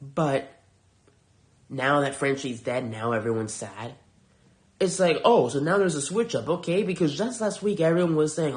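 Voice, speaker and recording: A man's voice: fairly high pitch, lively intonation, normal speed. Profane ranting male podcast host. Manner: profane, heated, sarcastic. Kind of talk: casual review rant.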